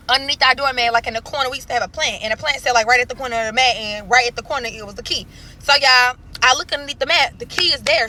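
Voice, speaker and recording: A woman's voice: high voice, pushed and bright. A woman telling a personal story in a casual storytime, speaking dramatically and talking to her listeners as y'all.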